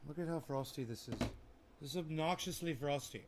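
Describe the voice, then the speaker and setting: Teasing, theatrical man with a high voice. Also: brisk, noisy background. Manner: theatrical and teasing, bickering with someone off camera. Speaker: vlogger trimming plants on camera. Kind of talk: casual playful narration.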